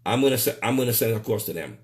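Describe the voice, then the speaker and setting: A man's voice: fairly low pitch, expressive, very fast. A man with a Trinidadian accent ranting on a live stream, heated and repetitive, stumbling over restarts and cursing. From Trinidad and Tobago. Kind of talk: angry live-stream rant.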